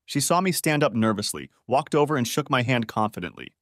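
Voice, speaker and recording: A man reads a first-person story aloud in an earnest audiobook style. His pitch moves in a lively way through the sentences. The recording is close and dry, with no room echo. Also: a little fast. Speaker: narrator.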